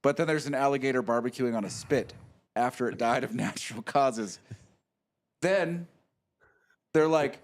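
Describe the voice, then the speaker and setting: A man's voice: medium pitch, normal speed, pauses often. Man retelling a story in casual chat. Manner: animated storyteller, retells scenes step by step. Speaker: podcast co-host.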